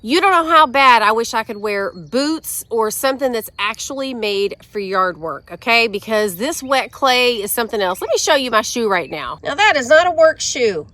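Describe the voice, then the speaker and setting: A woman's voice: on the high side, big pitch swings, normal speed, hardly any pauses, bright, forceful tone, no echo. A middle-aged woman, talking casually to camera while out of breath from yard work outdoors. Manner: chatty, folksy, addresses viewers as y'all. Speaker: gardening vlogger.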